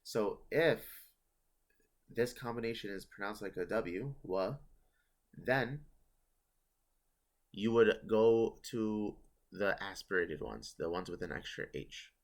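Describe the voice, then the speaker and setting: A man's voice: low-pitched, vocal fry. A man teaching a casual online grammar lesson, explaining step by step and correcting himself as he goes. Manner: explains step by step, self-correcting, thinking aloud. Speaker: language teacher.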